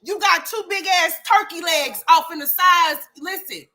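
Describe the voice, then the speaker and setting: A woman's voice: extremely high pitch, measured pace, sharp tone. A woman hosting a casual reaction commentary, blunt, profane and teasing, with playful mock outrage. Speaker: commentary channel host.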